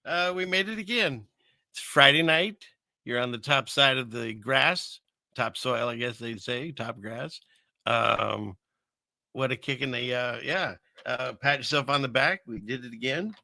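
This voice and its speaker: An older man hosts a casual live stream from his computer in a small upstairs room above a fireplace, rambling and joking at his own expense with plenty of fillers and restarts. His mid-range voice is unhurried, creaky, pushed and bright, with no room sound.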